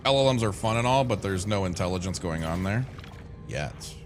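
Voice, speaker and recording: A man's voice: sits low, animated, moderate pace, soft background music. A man streaming a game, chatting casually to his viewers, rambling and swearing freely. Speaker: gaming streamer. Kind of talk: casual gameplay chat.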